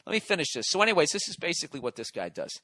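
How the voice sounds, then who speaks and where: A man's voice: a little high, sing-song, racing, pushed and bright, no echo. Profane, rambling man on cold medicine. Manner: profane, rambling, reads listener letters aloud. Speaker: podcast host. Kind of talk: casual comedic monologue.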